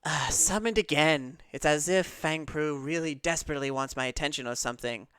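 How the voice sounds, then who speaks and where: A man's voice: on the high side, fairly quick, fairly bright tone, clean tone, no echo, studio quality, natural voice. A man voicing a smug male cosmic cat patron in a tabletop game, breezy and teasing. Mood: amused.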